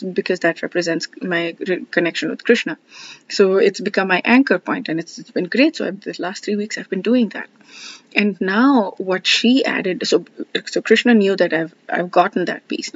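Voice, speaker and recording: A woman giving a reflective personal monologue as a spiritual self-help speaker, earnest and repetitive, softening to a near whisper when she guides the listener. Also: mid-range voice, lo-fi sound.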